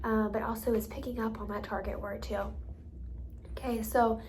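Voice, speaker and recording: A woman's voice: fairly high pitch, level tone, moderate pace, darkish tone, a little hiss or hum. A woman teaching speech and listening strategies in a casual, explanatory way, with many ums and you-knows. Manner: chatty, many fillers like um and you know. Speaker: hearing therapy educator. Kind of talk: instructional explanation with modeled examples.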